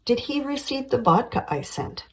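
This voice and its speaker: A woman's voice: on the high side, very animated, moderate pace, breathy edge, pitched above the performer's own voice, heavily acted, rough recording. A woman reading a polite, fatherly older male doctor. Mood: cordial.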